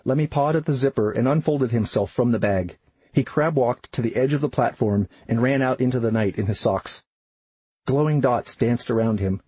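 A man narrates an audiobook in an even, unhurried way. His voice is very husky and breathy, at a middle pitch. The sound is dry and close. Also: no room sound, low-quality recording.

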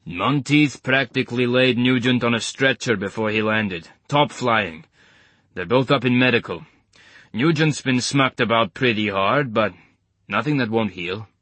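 A man voicing a big, bald male medic with a thick Eastern European accent, calm and matter-of-fact. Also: mid-range voice, unhurried, no room sound. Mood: solemn.

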